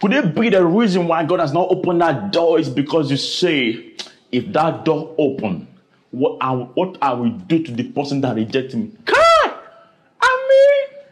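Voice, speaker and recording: A man preaching a sermon, dramatic, with sudden high cries and repeated questions. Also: expressive, normal speed.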